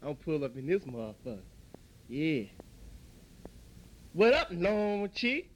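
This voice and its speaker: A brash, profane man with a high, lively voice, talking in loose street slang. He plays an irritated customer in a comedy sketch, his pitch jumping up and down as he complains. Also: unhurried, poor audio.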